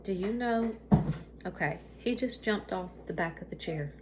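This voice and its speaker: A woman's voice: medium pitch, moderate pace, heavy background noise. Rambling southern woman chatting at home. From Alabama. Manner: rambling, easily sidetracked, many fillers. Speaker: vlogger. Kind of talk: casual chat to viewers.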